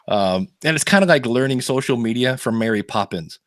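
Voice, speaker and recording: A man's voice: on the low side, brisk, fairly bright tone, no echo, studio quality. A man co-hosting a podcast, telling stories in casual chat, laughing often. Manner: chatty storyteller, laughs often, many fillers. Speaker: podcast co-host.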